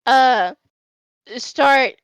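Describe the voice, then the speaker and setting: A woman's voice: high voice, very slow, fairly bright tone, clean tone, no room sound, poor audio. A woman narrating a tabletop game as game master, casual and hesitant.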